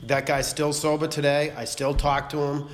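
A man from Massachusetts tells his story to a recovery meeting in a meeting room, bluntly and profanely, rambling and returning again and again to "you know what I mean." His voice is a little high and completely flat at a moderate pace. There's long hall reverb and faint noise.

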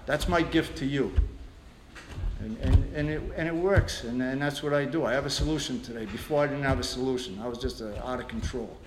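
A man's voice: mid-range voice, fast talker, few pauses. A middle-aged man telling his recovery story at a meeting, blunt and profane, with many restarts. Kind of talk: personal recovery share. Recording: echoey room with background noise.

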